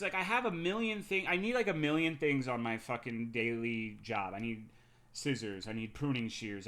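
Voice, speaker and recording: A young man streaming and chatting casually, telling a story with a lot of swearing. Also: mid-range voice. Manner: chatty storytelling, frequent swearing, animated when excited. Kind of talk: casual chat.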